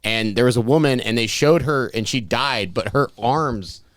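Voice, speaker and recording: Male co-host, thirties, mid-pitched, blunt and crude, dry close sound. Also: moderate pace, no echo. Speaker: podcast co-host. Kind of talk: casual comedic chat.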